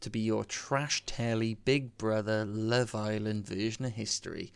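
A man's voice: fairly low pitch, fairly even intonation, unhurried, creaky, smooth. A man co-hosting a podcast, joking and swearing freely in casual, boozy banter after a few drinks. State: has been drinking. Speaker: podcast co-host.

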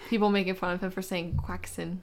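A young woman co-hosting a casual podcast chat, relaxed and laughing often as she runs through her list and tells stories. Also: on the low side, quick pace. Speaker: podcast co-host.

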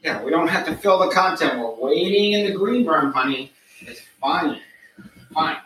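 A man's voice: fairly high pitch, animated, moderate pace, pushed and bright, echoey room, slight background noise, poor audio. A man hosting a podcast, chatting casually in a profane, wired way, jittery from coffee, often trailing off to a mutter. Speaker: podcast host and chef. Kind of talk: casual banter.

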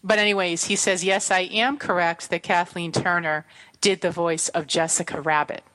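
A woman hosting a casual chat show, reading out chat messages and reacting quickly. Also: lowish voice, fairly even intonation, fairly bright tone. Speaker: podcast host.

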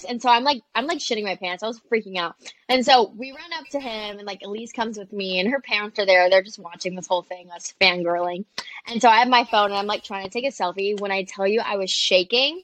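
A young adult woman, a social media creator appearing as an interview guest, talks fast in a mid-range voice, with a little hiss or hum on the audio. She tells stories casually and animatedly, scattering plenty of "like"s and quoting people.

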